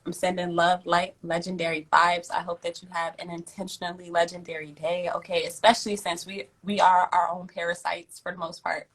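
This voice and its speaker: A young woman hosting a live community stream, chatting casually with slang, reading messages aloud and giving heartfelt shout outs. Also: lowish voice, flat delivery, a little fast, few pauses, rough recording. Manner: warm, effusive, uses slang and swears, reads chat aloud. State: near tears at times. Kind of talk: casual livestream chat.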